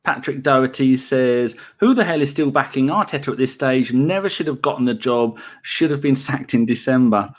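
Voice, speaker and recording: A man's voice: medium pitch, moderate pace, hardly any pauses. A man hosting a casual football podcast, reading out viewer questions with sweary, sardonic jokes.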